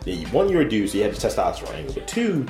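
Man, podcast co-host, crude rambling banter, lively up-and-down pitch, echoey room, faint music behind. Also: very fast. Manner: profane, rambling, animated, laughs often.

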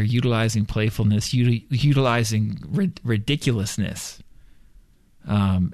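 Man, self-help teacher, gravelly voice; blunt, profane, emphatic delivery; dry close sound. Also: lowish voice, a little mellow, no echo. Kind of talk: motivational monologue.

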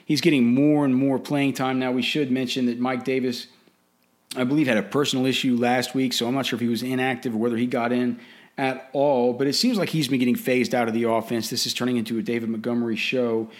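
A man's voice: medium pitch, level tone, fast talker. A man giving casual fantasy football and betting commentary in a blunt, opinionated way, often restarting and repeating words.

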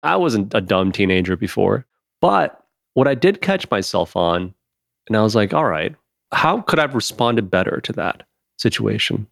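A man hosting a podcast in casual chat, animated, laughing often and swearing freely. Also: fairly low pitch, normal speed, gravelly, dry recording, clean studio sound.

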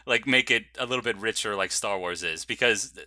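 A man's voice: on the low side, a little fast, sharp tone, dry recording. A young adult man co-hosting a podcast, chatting casually and rambling with frequent laughs. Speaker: podcast co-host. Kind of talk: casual chat.

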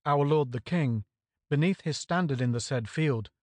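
A man reading a history book aloud in a measured, even audiobook narration. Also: fairly high pitch, no echo. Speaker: audiobook reader.

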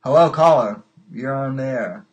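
A man hosting a live call-in podcast, halting and often repeating his words. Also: mid-range voice, highs cut off. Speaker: podcast host. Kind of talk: live call-in show chat.

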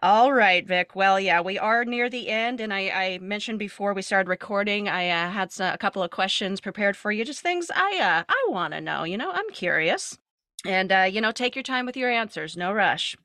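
A woman's voice: mid-range voice, lively intonation, normal speed, sharp tone, no echo. A woman hosting a podcast, asking questions in a chatty, hesitant way full of fillers. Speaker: podcast host. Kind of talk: casual interview.

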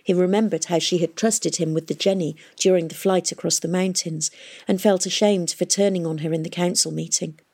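A woman narrating a novel in a steady, expressive reading voice. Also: fairly low pitch, a little fast, husky. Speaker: audiobook narrator. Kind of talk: storybook narration.

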